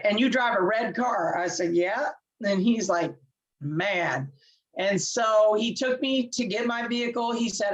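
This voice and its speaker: An interview guest, a woman, tells her story in a casual chat, animated and laughing often as she acts out the voices she quotes. Her pitch is medium, and the high frequencies are cut off.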